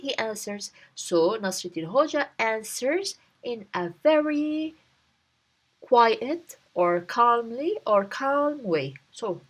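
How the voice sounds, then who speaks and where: Lively woman teaching. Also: medium pitch. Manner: reads a line, then breaks it down word by word. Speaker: Turkish language teacher. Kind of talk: explaining a story for learners.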